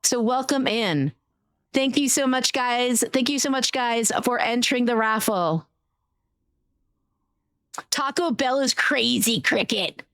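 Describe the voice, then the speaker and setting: A woman streamer chatting casually with her viewers, greeting them warmly by name and swearing now and then. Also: fairly high pitch, slow pace, pauses often, dry recording. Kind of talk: casual live-stream chat.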